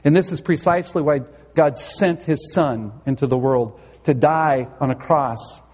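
Earnest preacher man with a slightly high voice. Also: unhurried, a little mellow. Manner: earnest preaching with a humorous anecdote. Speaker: pastor. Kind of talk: sermon. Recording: long hall reverb.

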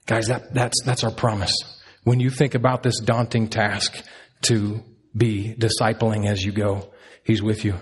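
A man's voice: fairly low pitch, little pitch movement, unhurried, husky. Earnest male pastor preaching a sermon. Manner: earnest, repeats key lines for emphasis.

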